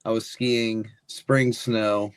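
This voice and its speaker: Lower-voiced dude chatting easy, halting bits, dry close mic. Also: male voice, flat delivery, clean tone, no echo. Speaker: podcast guest. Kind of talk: casual chat.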